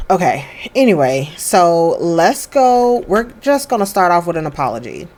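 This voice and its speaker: A woman's voice: lowish voice, sing-song, unhurried, darkish tone. A woman giving casual, sassy commentary while she plays a life-sim game. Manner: chatty, sassy, amused. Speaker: game streamer.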